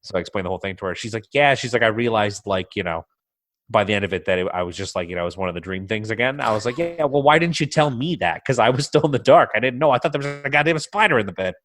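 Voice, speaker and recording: Lively, animated man telling a story. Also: lowish voice, very fast. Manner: animated storytelling, swearing, acting out his own alarm. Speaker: podcast co-host. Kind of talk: casual podcast chat. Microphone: computer mic, remote call.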